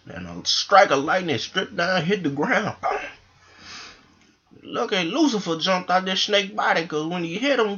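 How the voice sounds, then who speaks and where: A man's voice: sits high, pushed and bright, muffled recording. A man telling a rambling, profane comic story into a microphone. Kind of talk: comedic monologue.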